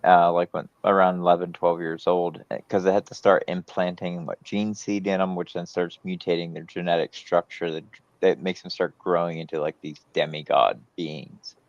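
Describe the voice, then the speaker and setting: A man's voice: sits low, steady tone, moderate pace, lo-fi sound. A man in casual livestream chat, explaining things at length with many fillers.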